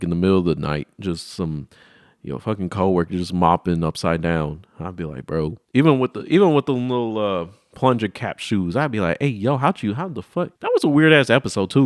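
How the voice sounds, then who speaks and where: A man's voice: low voice, no room sound, clean studio sound. Rambling, profane young man telling stories. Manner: rambling, profane, acts out voices in his stories. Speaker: podcast host. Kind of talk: casual storytelling chat.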